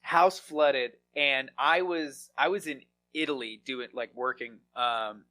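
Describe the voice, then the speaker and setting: Bright-voiced man telling a comic story. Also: mid-range voice, takes it slowly. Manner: rambling, animated, laughs often. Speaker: podcast guest, comedy writer. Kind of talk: casual conversation, comic storytelling.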